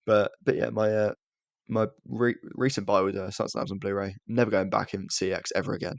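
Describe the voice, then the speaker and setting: This podcast co-host, a young man from Britain with a British English accent, talks briskly in a lowish, creaky voice with a level tone. His casual chat is rambling and self-deprecating, with frequent restarts, and the audio has no echo.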